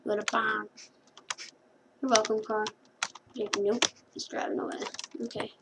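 A woman's voice: a little high, little pitch movement, a little slow. A woman chatting casually as she plays a computer game, rambling and correcting herself as she goes. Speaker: gameplay commentator. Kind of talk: casual gameplay commentary. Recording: keyboard clicks and clear background noise.

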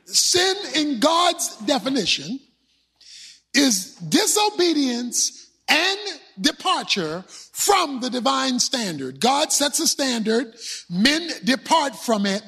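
A pastor in his sixties preaching a sermon with emphatic, dramatic delivery and bursts of shouting. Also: extremely high pitch, very animated, slow, husky.

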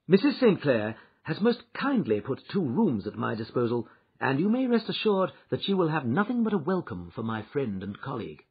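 A man reading an audiobook, voicing a confident Victorian male detective with a crisp, assured delivery, pitched a little higher than his narration. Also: wildly swooping pitch, moderate pace, few pauses, heavily acted. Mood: explaining. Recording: dull lo-fi recording.

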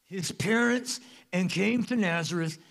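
A pastor delivers a sermon in a high, gravelly man's voice. He is animated and jokes as he goes, and he jumps into loud, emphatic bursts. It sounds like a church service. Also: a little slow. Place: church sanctuary.

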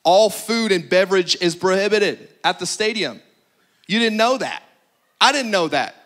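A man's voice: high voice, lively intonation, normal speed, a bit bright. A man pastor giving humorous practical announcements to a congregation, joking and exaggerating for laughs.

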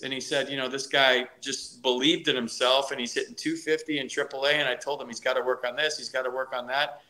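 A middle-aged man, a former ballplayer, telling his career story in an animated, energetic way during a podcast interview, often restarting his sentences. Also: mid-range voice. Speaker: guest, former ballplayer and broadcaster.

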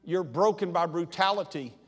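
High-voiced preaching pastor, church reverb. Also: male voice, normal speed. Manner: swings from soft conversational asides to loud emphatic preaching. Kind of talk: sermon. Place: large church sanctuary.

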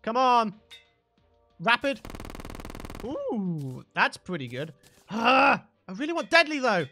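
A man hosting a let's play video, talking excitably and chattily to his viewers as he plays. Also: extremely high pitch, slow pace, pauses often, faint music behind. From Britain. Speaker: gaming channel host.

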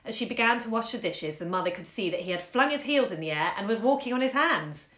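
A woman reads a short story aloud at home, lively and acting out the scenes as she goes. Her pitch sits in the middle range, and the phone on a live stream picks up a roomy echo. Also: fast talker. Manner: animated, acts out the story's action. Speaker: bookshop host reading a short story aloud. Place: room at home.

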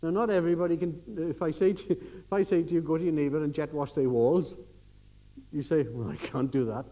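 A man's voice: a little high, steady tone, brisk, muffled recording. Older man preaching a homely sermon. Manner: homely storytelling, swings from quiet to emphatic.

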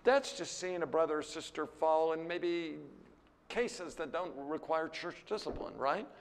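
A man's voice: measured pace, big-room sound. An older American man teaching a classroom Bible lecture, candid and conversational, often checking in with "right?" and "you know". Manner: lively, jumps higher when animated. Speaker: seminary teacher.

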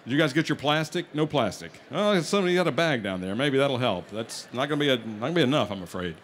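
A man's voice: mid-range voice, animated, fast talker, fairly bright tone, slight background noise. A man emceeing a live food-eating contest, joking with contestants and hyping up the crowd. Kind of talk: live event announcing on a PA.

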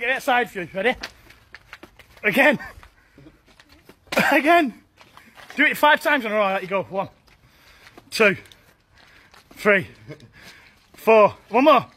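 A man taunting someone with crude swearing during a prank, counting out loud. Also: sits high, animated, unhurried, long pauses, a little hiss or hum. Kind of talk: prank banter.

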